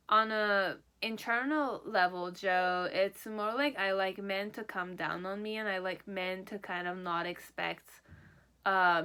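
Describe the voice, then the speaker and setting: A woman with a bright, sharp voice giving a pick-a-card tarot reading. She talks in first person as the person the cards describe. Her delivery wanders and hedges, and she keeps checking in with "okay?". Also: mid-range voice. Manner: rambling and tentative, often checking in with "okay?". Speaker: tarot reader.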